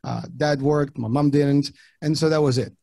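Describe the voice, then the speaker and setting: A middle-aged man from Morocco, whose first languages were French and Arabic, talking casually as an interview guest in halting sentences with many restarts. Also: on the high side, steady tone, creaky, mellow, no room sound. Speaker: podcast guest.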